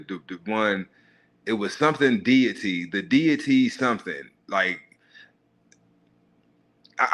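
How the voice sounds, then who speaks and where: A man hosts a live stream with a casual, profane rant. His voice sits on the low side but comes across bright and forceful. He mocks, restarts his sentences and laughs at his own jokes. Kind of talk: casual commentary monologue.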